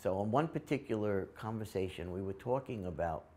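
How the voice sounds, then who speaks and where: A man recounting memories in an interview in a measured, reflective way. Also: lowish voice, expressive, a little mellow. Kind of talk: calm reminiscence.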